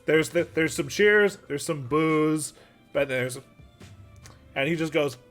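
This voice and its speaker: A man narrating as game master for a tabletop game, quick and stumbling with restarts. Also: fairly high pitch, fairly bright tone, soft background music.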